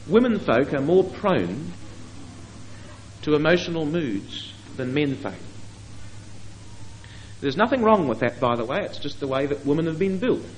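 Expressive male preacher, lively pitch. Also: unhurried, pauses often, slight background noise, poor audio. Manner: expressive, swings between hushed asides and emphatic quoting. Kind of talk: sermon.

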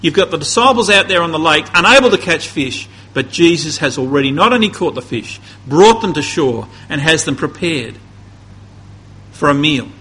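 A man preaches in a conversational way, often restarting phrases and then climbing to emphatic high points. His voice sits a little high for a man and sounds bright and forward. It has a slightly husky edge. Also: very animated, normal speed, low-quality recording. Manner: conversational, rising to emphatic peaks, frequent restarts. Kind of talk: sermon.

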